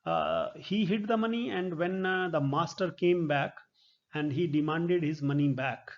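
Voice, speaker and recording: A man's voice: fairly high pitch, measured pace. A man giving a literature lecture, explaining patiently with many hesitant fillers. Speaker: literature professor. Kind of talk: recorded lecture. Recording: dull lo-fi recording.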